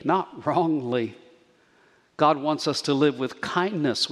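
A man preaching a sermon as pastor, measured and earnest, slowing down to stress key words. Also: medium pitch, a bit bright, long reverb tail. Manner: measured, earnest preaching with slow emphatic pauses.

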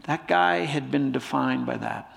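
Emotional pastor with a runny nose. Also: male voice, mid-range voice, unhurried, creaky. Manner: emotional, swings between loud emphasis and soft hushed lines. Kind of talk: sermon.

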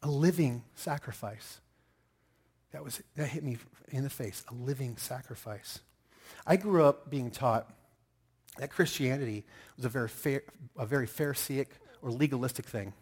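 Husky-voiced animated preacher man. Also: medium pitch, normal speed. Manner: animated storytelling with sudden loud outbursts. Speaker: pastor. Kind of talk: sermon.

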